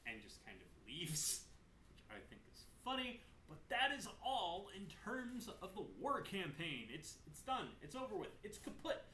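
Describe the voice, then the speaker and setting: A young man casually recapping a game's story, animated, joking and swearing freely. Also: high voice, normal speed, a little hiss or hum. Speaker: gaming channel host. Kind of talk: casual game lore recap. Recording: roomy echo.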